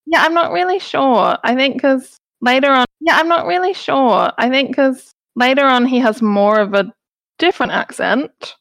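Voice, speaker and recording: A woman's voice: high voice, normal speed, gravelly, a bit bright, no room sound. Rambling woman, dry sound. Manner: rambling, lots of "like" and restarts. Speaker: podcast co-host. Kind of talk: casual chat recapping a film.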